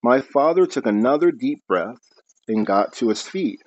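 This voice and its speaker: A man narrating a novel in the first person with a calm, expressive reading style. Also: medium pitch, normal speed. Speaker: audiobook narrator. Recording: dull lo-fi recording.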